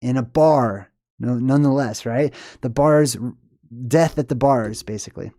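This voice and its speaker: Casting: male vlogger, mellow warm tone, digressive and emphatic, constantly asking the viewer "right?". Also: medium pitch, a little slow. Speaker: movie symbolism commentator. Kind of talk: rambling solo commentary.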